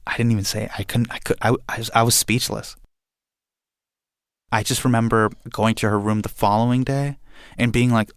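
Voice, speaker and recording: A man telling a personal story in an interview, animated and acting out quotes and sound effects. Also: fairly low pitch, a little fast, creaky, no room sound, clean studio sound. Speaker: guest storyteller.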